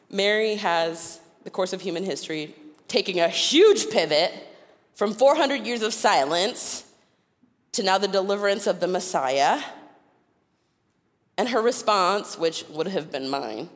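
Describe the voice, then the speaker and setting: A woman preaching a sermon, telling personal stories with animated delivery and frequent laughter. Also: mid-range voice, a little slow, big-room sound. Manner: animated, acts out voices in her stories, laughs often. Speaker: guest preacher. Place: church sanctuary.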